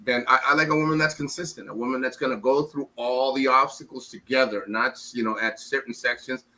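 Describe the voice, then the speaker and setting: An American man answers questions in a casual interview, rambling loosely and tripping over repeated words. His very bright, forward voice has a medium pitch and fairly even intonation, and he sometimes acts out quoted women in quick bits. The recording is low quality.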